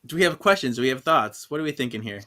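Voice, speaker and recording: Bright-voiced man recapping comics. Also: medium pitch, rapid-fire. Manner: animated, acts out lines with laughs. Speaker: podcast co-host. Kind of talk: casual chat recapping a comic.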